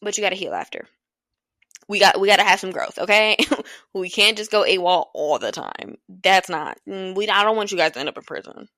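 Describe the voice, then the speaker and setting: Bright, blunt young woman podcaster. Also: mid-range voice, fairly quick, no room sound, studio quality. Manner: blunt, profane, rambling with bursts of laughter. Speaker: podcast host. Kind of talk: casual solo podcast monologue.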